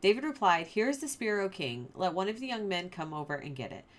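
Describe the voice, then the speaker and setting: A woman hosts a casual Bible study, reading verses aloud and then talking them over. She is informal and chatty, full of fillers and asides, and her pitch rises and falls a lot around a middle height. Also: very animated, brisk.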